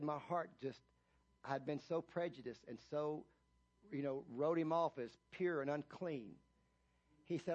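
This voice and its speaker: A male pastor preaches a sermon in a church, his voice sitting a little high for a man. He tells a long story with stops and restarts, then builds into loud, emphatic scripture reading.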